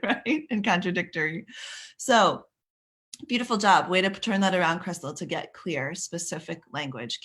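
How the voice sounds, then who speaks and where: Lower-voiced woman, parenting coach on a live stream, chatty and self-correcting. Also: lively intonation, moderate pace, fairly bright tone. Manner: chatty, greets viewers by name, restarts sentences.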